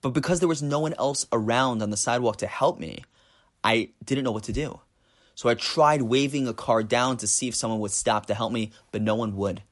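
A man's voice: mid-range voice, brisk, natural voice. A man voicing a frightened, apologetic twelve-year-old boy in a story. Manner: pleading, apologetic.

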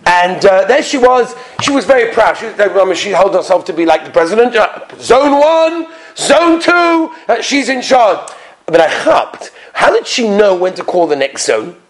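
A man with a high voice delivers a storytelling sermon to his listeners. He is animated, leaning on rhetorical questions and now and then dropping to a hushed whisper for emphasis. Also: normal speed. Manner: asks the audience rhetorical questions. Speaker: rabbi giving a weekly Torah talk.

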